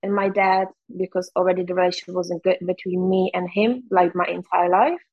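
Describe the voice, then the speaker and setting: A woman's voice: on the low side, fairly even intonation, muffled recording. Woman with a Czech accent, candid. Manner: candid, fast, heavy use of "like". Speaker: guest. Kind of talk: casual interview chat.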